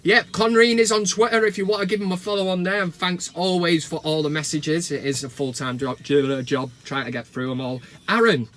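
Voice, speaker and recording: A football channel host from Manchester, speaking with a Mancunian accent, reads viewer comments at home with sweary, cheeky banter in a casual reaction vlog. His fairly high, slightly bright voice stays steady and brisk with few pauses. The sound is from a camera mic.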